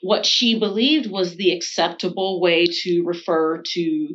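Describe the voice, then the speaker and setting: A woman's voice: on the low side, unhurried, dull audio. A woman from the United States, a guest in a casual conversation, speaking thoughtfully with plenty of "you know" and "um".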